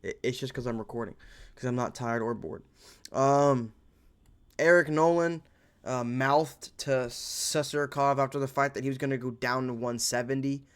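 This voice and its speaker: A young man talks through the night's fights in a relaxed, rambling way, cursing now and then. His voice is smooth and clear at an ordinary pitch. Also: moderate pace. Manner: laid-back, rambling, swears casually. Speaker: MMA reaction host. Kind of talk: casual fight recap monologue.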